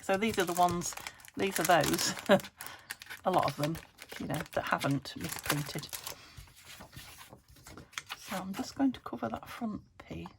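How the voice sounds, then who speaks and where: A British woman talks through her crafting at home, thinking aloud and drifting into soft, half-muttered asides. Her voice sits on the lower side and carries a gravelly fry. A steady background noise runs under the recording. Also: unhurried. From United Kingdom. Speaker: craft vlogger. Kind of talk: casual chat while crafting.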